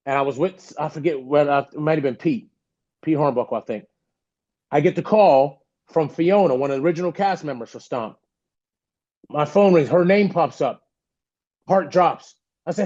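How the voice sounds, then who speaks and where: A man's voice: a little high, expressive, normal speed, long pauses, a little mellow, dull audio. A man, a guest on a podcast, telling a story with animation and acting out the voices of the people he quotes. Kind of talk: storytelling in an interview.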